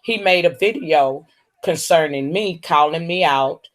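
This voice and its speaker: A woman hosting a casual livestream, drawling and calling viewers baby and honey. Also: deep voice. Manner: slow, drawling, full of terms of endearment. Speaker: livestream host.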